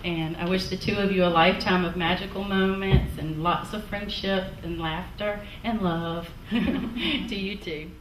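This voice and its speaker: A woman's voice: medium pitch, fairly even intonation, unhurried. A middle-aged woman from the American South giving a chatty, laughing wedding toast. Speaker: wedding guest. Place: wedding reception hall. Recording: echoey hall from far off, clear background noise.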